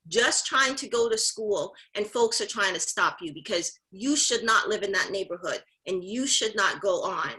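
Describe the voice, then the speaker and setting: Speaking at normal speed with few pauses, a woman with a medium pitch, lively intonation, and sharp tone addresses a mentorship group. The recording is low quality. Her motivational talk is emphatic and direct, full of repeated phrases and call-outs to listeners.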